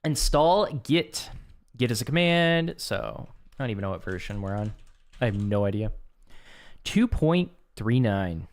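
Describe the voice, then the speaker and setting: A man's voice: on the low side, very animated, unhurried. A young man live-streaming as he works through a coding course, reading lesson text aloud and reacting with offhand remarks. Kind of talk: casual live-stream commentary.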